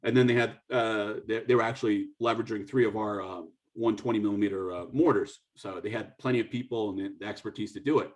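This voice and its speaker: A man's voice: lowish voice, steady tone, fast talker, hardly any pauses. A middle-aged man from the United States, a military officer telling a war story as a guest speaker over a video call, acting out dialogue with frequent restarts. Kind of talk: storytelling talk.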